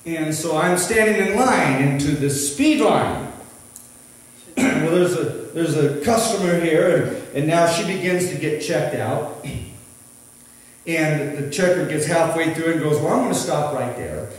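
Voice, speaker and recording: A middle-aged pastor with a high voice tells a personal story in a sermon, animated and rambling, restarting his sentences. He sounds far from the mic in a very echoey hall. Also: a little slow.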